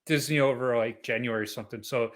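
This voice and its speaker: A middle-aged man hosting a podcast interview, telling relaxed, chatty stories. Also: mid-range voice, fast. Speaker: podcast host. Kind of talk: casual interview chat.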